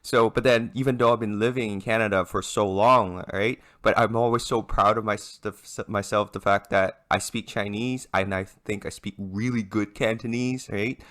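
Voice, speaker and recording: A young man from Hong Kong, a podcast host telling a story in casual chat with lively restarts. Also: fairly low pitch, moderate pace, few pauses. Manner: animated storyteller, many restarts.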